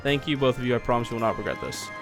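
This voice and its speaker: A man's voice: mid-range voice, sing-song, rapid-fire, music in the background, lightly acted. A man voicing a pompous young male scholar who talks formally and stumbles over long words. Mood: polite.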